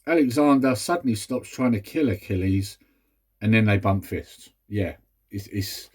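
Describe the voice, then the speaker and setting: A man's voice: fairly low pitch, moderate pace, darkish tone, husky. A British man talking casually about a film he reviews, rambling with exasperated asides. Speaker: movie review vlogger. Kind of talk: casual chat.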